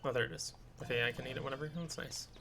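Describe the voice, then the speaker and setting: A man's voice: mid-range voice, steady tone, rapid-fire, noisy background. A man casually commenting while playing a video game and reading its dialogue aloud. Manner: reads game dialogue aloud for all characters. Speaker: streamer.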